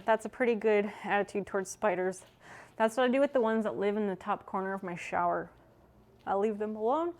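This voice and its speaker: A woman's voice: medium pitch, brisk. Young woman streamer, casual chat with viewers while working, swears freely, everyday mid-range voice.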